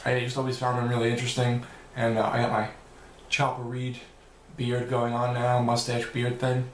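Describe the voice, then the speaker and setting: Guy rambling through viewer questions, swears a lot, average pitch, echoey room with faint background hum. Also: monotone, moderate pace. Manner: rambling and loose, with frequent swearing. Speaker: vlogger answering viewer questions. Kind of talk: casual Q&A vlog.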